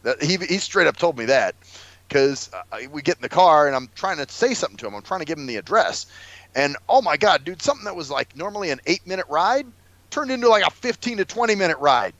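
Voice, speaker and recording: A man's voice: on the high side, very animated, quick pace, a bit bright, no room sound, lo-fi sound. A man telling a story in casual, profane podcast chat with a co-host.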